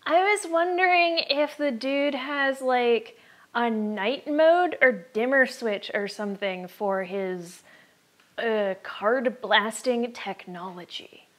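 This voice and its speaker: A woman with a high voice, talking slowly and casually as a player at a tabletop game. Her questions are hesitant and full of fillers.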